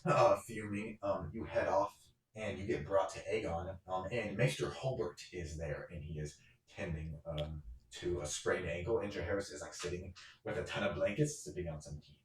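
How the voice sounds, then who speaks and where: A man's voice: low-pitched, moderate pace. A man narrating as game master of a tabletop game, in a rambling way with many fillers. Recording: roomy echo.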